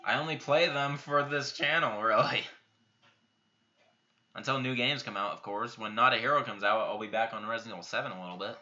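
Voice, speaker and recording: A man's voice: mid-range voice, brisk, bright, forceful tone, lo-fi sound. A young man hosting a live viewer Q&A, reading out questions and answering them offhand and bluntly in a casual chat. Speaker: YouTube channel host answering viewer questions.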